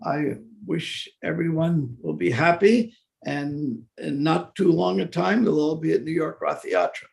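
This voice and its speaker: An older man giving a devotional scripture class, genial and halting, with many fillers and restarts. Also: a little high, creaky, a little mellow. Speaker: class speaker.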